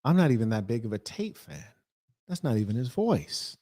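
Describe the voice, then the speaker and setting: A man's voice: mid-range voice, big pitch swings, moderate pace, warm tone, no echo, studio quality. A man hosting a reaction video, speaking in an indignant, rambling and emphatic way. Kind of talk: reaction commentary.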